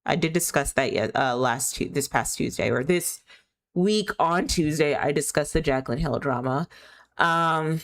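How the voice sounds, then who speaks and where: A woman's voice: deep voice, unhurried. A woman streaming live, talking in a rambling, candid, opinionated way, full of filler words. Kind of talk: casual chat while gaming.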